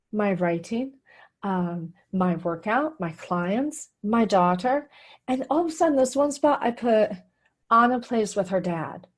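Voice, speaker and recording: Middle-aged woman host, husky and breathy, candid personal storytelling with laughs. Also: mid-range voice. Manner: candid, confessional, with frequent laughs. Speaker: radio show host.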